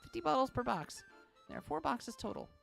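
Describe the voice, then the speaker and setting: A woman streamer reading game text aloud in an expressive, dramatic way, with sudden high exclamations. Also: brisk, gravelly, faint music behind.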